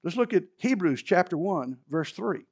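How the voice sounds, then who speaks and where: Male pastor, somewhat high voice, sermon delivery with emphatic builds and chatty asides; dull lo-fi church recording. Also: animated, normal speed, breathy edge. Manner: swings from loud emphatic repetition to low conversational asides.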